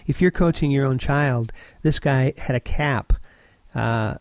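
A man hosting a podcast interview, responding in a thoughtful, measured way. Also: medium pitch, darkish tone, dry recording. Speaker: podcast host. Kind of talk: interview conversation.

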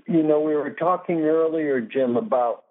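A man's voice: on the high side, normal speed. A man in his sixties, a guest sports psychologist in a phone interview, talking emphatically and laying out numbered points. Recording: tinny phone line.

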